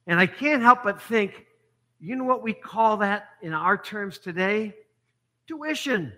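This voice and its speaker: Slow, bright-voiced preaching man. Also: high-pitched, animated. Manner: storytelling preacher, swinging from soft hushed lines to emphatic ones. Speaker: pastor. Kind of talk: sermon.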